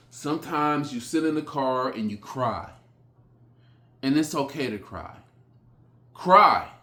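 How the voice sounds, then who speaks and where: A man giving a blunt motivational speech, repeating short phrases with sudden forceful rises. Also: medium pitch. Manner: blunt, repetitive, hammering phrases; slow, emphatic delivery with sudden loud rises. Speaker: motivational speaker.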